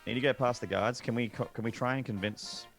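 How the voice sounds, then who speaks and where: A man's voice: mid-range voice, a little fast, faint music behind. A man playing a tabletop game with friends, in playful, joking banter. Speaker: player. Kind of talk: casual tabletop game chat.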